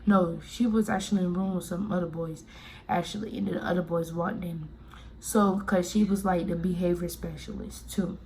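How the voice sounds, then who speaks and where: A woman from Miami telling a story-time vlog, talking casually and circling back with lots of "like" and restarts. Her voice sits slightly low, with faint background hiss. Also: fairly even intonation, moderate pace, dark tone. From Miami, Florida. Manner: rambling, full of "like" fillers and restarts. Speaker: vlogger telling a personal story.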